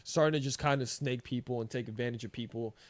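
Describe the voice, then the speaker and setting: A man hosts a casual podcast interview in an easygoing, encouraging way, leaning on fillers like "you know" and "man". His voice sits at an ordinary middle pitch, recorded dry and close. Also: fast talker, no room sound. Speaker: podcast host.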